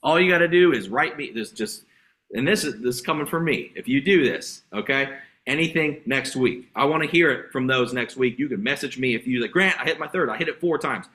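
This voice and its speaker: Hyped, bright-voiced male sales coach. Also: medium pitch, a little fast. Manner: energetic, hyped, repetitive exhortations. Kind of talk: motivational sales training talk. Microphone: video call.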